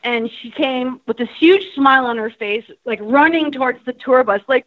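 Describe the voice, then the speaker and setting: A woman's voice: high-pitched, normal speed, hardly any pauses, no echo, dull audio. A woman from New Jersey, a musician guest telling her story bluntly with plenty of swearing. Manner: blunt, profane, animated storyteller. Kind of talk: candid storytelling.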